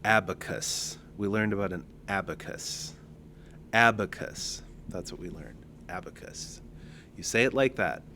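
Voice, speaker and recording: A man streaming a card game, joking and thinking out loud as he plays. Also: low voice, measured pace, a little hiss or hum. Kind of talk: casual card-game livestream commentary.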